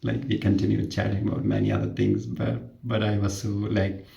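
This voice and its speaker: Gravelly low-voiced man telling a story. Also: level tone, normal speed, mellow, dull audio. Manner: conversational, self-deprecating. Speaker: healthcare worker. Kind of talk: casual anecdotal storytelling. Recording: roomy echo.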